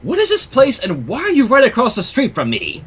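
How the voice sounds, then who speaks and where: A man's voice: very high voice, wildly swooping pitch, fairly quick, a bit bright, breathy edge, voice pushed up, full character voice. A man doing an exasperated bookish unicorn mare. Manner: exasperated, scolding.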